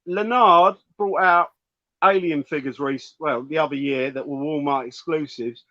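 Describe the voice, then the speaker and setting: A man with a fairly high voice chats loosely about toys, cursing casually as he goes. The sound is dry and a bit dull, like a lo-fi call. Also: normal speed, bright, forceful tone, dry recording. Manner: chatty, swears casually. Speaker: guest toy collector. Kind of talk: casual chat. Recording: dull lo-fi audio.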